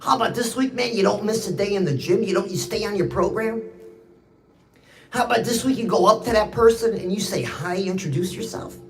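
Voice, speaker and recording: A woman's voice: mid-range voice, brisk, reverberant, rough recording. A woman hosting a live stream, giving a brash, teasing motivational talk straight to her viewers and calling them out.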